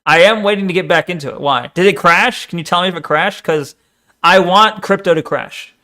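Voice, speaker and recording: A male streamer chatting casually while reacting to a video, with a high voice. His tone is bright, and he swears and laughs freely. When he gets excited, he trips into stammers. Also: brisk. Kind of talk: casual chat.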